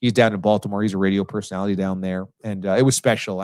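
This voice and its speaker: A man's voice: lowish voice, steady tone, rapid-fire, few pauses, a little mellow, no room sound. A man hosting a live sports talk stream in a loose, joking way, reading out viewer comments. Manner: jokey, reads viewer comments aloud. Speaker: show host.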